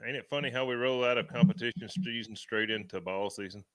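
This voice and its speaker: A man, co-hosting a podcast and telling animated stories in rural slang. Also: medium pitch, fast talker, clean tone, dry recording. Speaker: podcast co-host. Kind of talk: casual storytelling chat.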